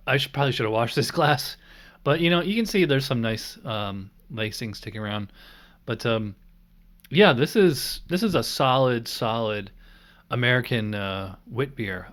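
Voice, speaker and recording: A man's voice: mid-range voice, fairly bright tone. A man hosting a casual beer review, thinking aloud in an easygoing, rambling way with many fillers.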